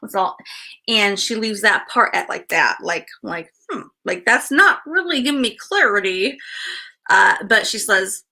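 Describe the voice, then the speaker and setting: A woman giving a casual spirit reading as a medium, halting and full of fillers, frank and breaking into laughs. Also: mid-range voice, expressive, gravelly, sharp tone. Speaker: psychic medium.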